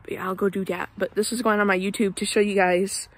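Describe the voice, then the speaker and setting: A woman's voice: mid-range voice, fairly even intonation, quick pace, hardly any pauses, dry recording. A young woman talking on a walk outdoors, chatty and out of breath, with many fillers and indignant asides. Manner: chatty, lots of fillers, indignant about neighbors. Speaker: vlogger. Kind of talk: casual rambling vlog, walking. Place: outdoors in a neighborhood.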